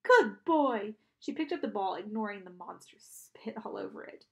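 A woman reading a children's novel aloud in an expressive narrating style. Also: medium pitch, a little fast, gravelly, dull audio. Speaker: audiobook reader. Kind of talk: storybook narration.

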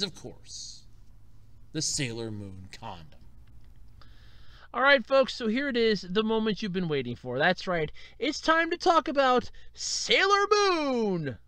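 A man hosting his own podcast, talking alone and animated, who keeps breaking into helpless laughter. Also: sits high, no room sound. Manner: animated, exaggerated and self-deprecating. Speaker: podcast host. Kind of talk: solo podcast commentary.

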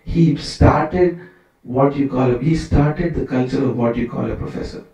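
A man's voice: medium pitch, normal speed, mellow. A man giving a conversational scripture class at a temple, full of rhetorical questions and asides. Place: temple hall. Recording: very echoey room, from far off.

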